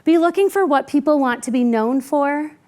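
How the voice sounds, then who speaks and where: A woman speaking as a keynote speaker, telling workplace stories conversationally and acting out what people said in quieter voices. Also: high-pitched, normal speed. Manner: lively, acts out quoted people in quieter voices; conversational with frequent "like" and "right?". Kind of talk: keynote storytelling.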